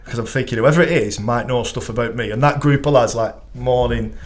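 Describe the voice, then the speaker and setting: A man with a Northern English accent, a goalkeeping coach telling animated, sweary stories as a podcast guest, laughing as he goes. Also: mid-range voice, fast. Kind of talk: anecdotal storytelling chat.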